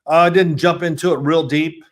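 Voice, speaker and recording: A man's voice: fairly high pitch, fairly even intonation, brisk. Older man telling rambling stories. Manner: chatty, rambling anecdotes with frequent restarts and chuckles. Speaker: football analyst, interview guest. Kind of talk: casual interview storytelling.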